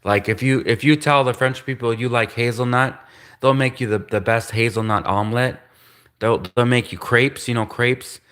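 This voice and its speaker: A man's voice: medium pitch, steady tone, normal speed, a bit bright. A man from Canada rambling through a casual solo livestream monologue, repeating himself and giggling between asides. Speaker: livestream host.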